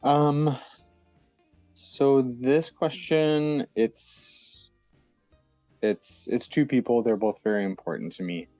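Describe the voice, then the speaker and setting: A man's voice: mid-range voice, takes it slowly, pauses often, warm tone, dry recording, soft background music. A man in his thirties from the eastern United States, a guest chatting casually in an interview, hesitant with many ums and restarts.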